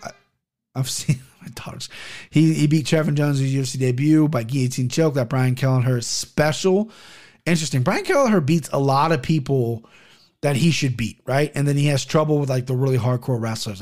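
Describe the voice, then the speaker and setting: Man, somewhat high-pitched, casual solo podcast talk, swearing, rambling, tongue-tied on names. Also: darkish tone. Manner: profane, rambling, stumbles over names. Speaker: podcast host.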